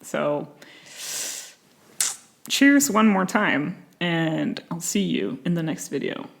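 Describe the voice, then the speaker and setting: A woman hosting a casual commentary video, animated and sarcastic, often breaking into laughter. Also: fairly low pitch, slow, creaky. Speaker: video essay host.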